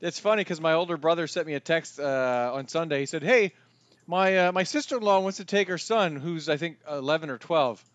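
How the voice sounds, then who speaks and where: A man's voice: a little high, fairly quick, fairly bright tone, no echo. A man co-hosting a podcast in casual chat, recounting things in an easygoing way. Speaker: podcast co-host.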